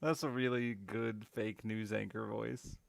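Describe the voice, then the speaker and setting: Low gravelly streamer over music. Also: male voice, steady tone, measured pace, dry recording. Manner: wry, profane, loose reactions. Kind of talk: casual stream commentary. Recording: music playing behind the voice.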